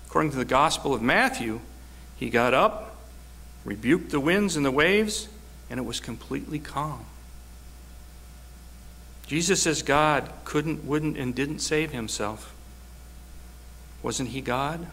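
A man's voice: mid-range voice, takes it slowly, long pauses, fairly bright tone. A man preaching a sermon, telling a personal story with earnest, rising emphasis.

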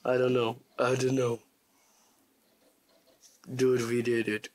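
A young man giving casual, crude gameplay commentary, swearing constantly and bursting into excitement. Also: mid-range voice, slow pace.

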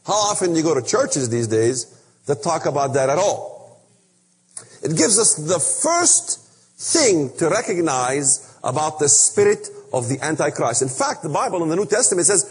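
A man preaching an impassioned sermon, emphatic and repetitive in a husky voice. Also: a little high, sing-song, normal speed. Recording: echoey hall.

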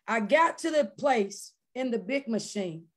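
High-voiced woman giving church testimony. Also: measured pace. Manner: animated storytelling, acting out quoted voices; bursts into shouted praise. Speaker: church missionary. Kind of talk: personal testimony at a prayer service.

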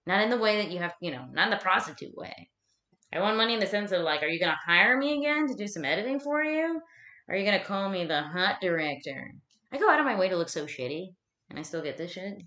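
A woman's voice: mid-range voice, animated, fast talker, pushed and bright. A woman streaming casual chat from home while folding laundry. She talks chattily, swears freely and pokes fun at herself. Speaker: live streamer. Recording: roomy echo.

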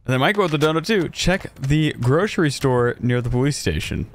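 Lively-voiced male game streamer. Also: mid-range voice, fairly quick, slight background noise. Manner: chatty, reacts aloud and thanks donors. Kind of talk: casual gameplay commentary.

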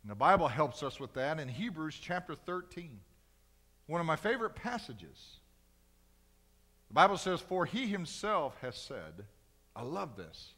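A male pastor preaching a sermon in a church, swinging from loud cries to hushed, slow emphasis. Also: a little high, very animated, long reverb tail. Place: church sanctuary.

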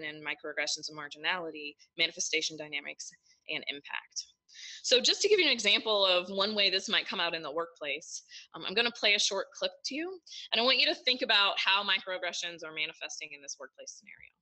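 A woman lecturer giving a recorded presentation, explaining terms in a measured, list-like way. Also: on the low side, pushed and bright, low-quality recording. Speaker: university lecturer.

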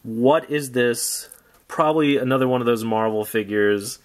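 A man's voice: mid-range voice, moderate pace. A man giving casual unboxing commentary on old action figures, rambling with wry, jokey asides. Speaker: toy collector vlogger.

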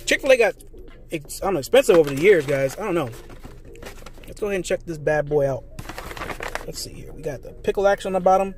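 A man eating and reviewing fast food in a parked car, talking excitedly and calling his viewers "guys" and "man". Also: sits high, breathy edge, soft background music. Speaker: food vlogger. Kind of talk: casual food review vlog. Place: parked car, traffic passing outside. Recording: faint road noise from inside a car. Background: cars passing by.

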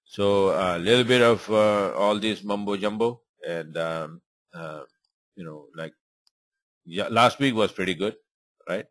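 Trading webinar host, male, very low voice, dry close sound; loose, filler-heavy chart talk in non-native English. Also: a little slow, fairly bright tone, dry recording. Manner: rambling and informal, many fillers. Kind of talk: live webinar chart commentary.

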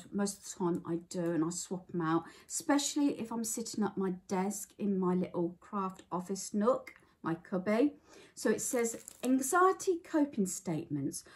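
British woman, casual haul vlogger, rambling and chatty, mid pitch. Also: darkish tone. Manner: rambling, lots of ums and self-corrections.

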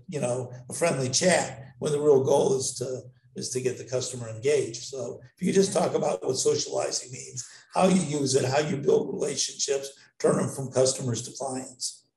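A man's voice: mid-range voice, moderate pace, a little mellow. Hesitant man interviewer in a roomy space. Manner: rambling, hesitant, with many ums. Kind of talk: casual interview questions. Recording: roomy echo.

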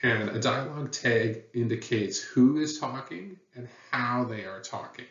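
A man's voice: mid-range voice, unhurried, a bit bright. A man teaching a lesson on writing rules, patient and plain, with many fillers. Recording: dull, roomy sound from a distant mic.

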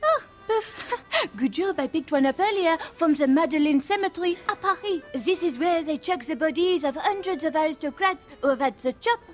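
A woman's voice: high voice, brisk, hardly any pauses, faint music behind. Woman playing a vain, cackling waxwork maker. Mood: gleeful, boastful. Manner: boastful, cackling, showy. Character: boastful female waxwork maker, vain and gleeful. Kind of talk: sketch comedy acting.

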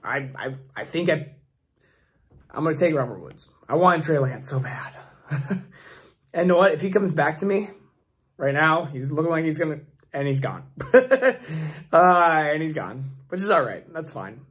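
A man hosting a fantasy football channel, his voice hoarse and failing, rambling through mock draft picks in casual commentary. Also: on the high side, animated, moderate pace, pauses often. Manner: rambling, restarts often, thinks aloud.

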